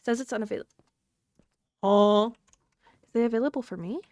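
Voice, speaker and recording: A woman streamer rambling casually to her live chat, scattered and quick to laugh. Her voice sits on the higher side and sounds dry and close, with no room around it. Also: a little mellow, dry recording. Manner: chatty and scattered, laughing often, talking to chat.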